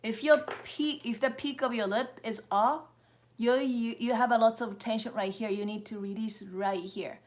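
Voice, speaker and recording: A woman's voice: on the high side, fairly even intonation. A woman teaching face exercises in a live-streamed lesson, coaching viewers step by step and checking in that they are following along. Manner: demonstrates and counts out steps slowly. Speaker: face yoga instructor.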